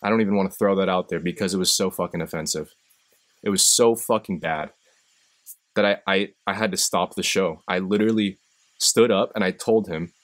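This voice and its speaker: This host has a low voice and a brisk delivery. On his live stream he tells stories and gives a profane, heated motivational speech, ramping up the intensity as he gets fired up.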